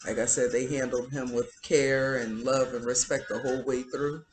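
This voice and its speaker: A woman's voice: extremely low pitch, fairly even intonation, moderate pace, slight background noise, low-quality recording. A woman giving a casual spiritual commentary, chatty and indignant, full of "um" and "like". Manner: chatty, filler-heavy, indignant. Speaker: spiritual vlogger.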